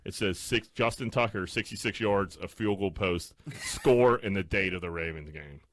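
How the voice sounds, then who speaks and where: A man's voice: low voice, normal speed, fairly bright tone, dry recording. A man in casual banter, ranting animatedly and swearing a lot.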